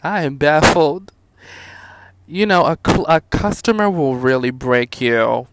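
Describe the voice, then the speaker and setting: A man's voice: fairly high pitch, a little slow, background noise. Profane, sassy young man ranting. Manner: profane, animated storytelling, sassy. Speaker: fast food worker venting. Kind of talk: casual rant to camera.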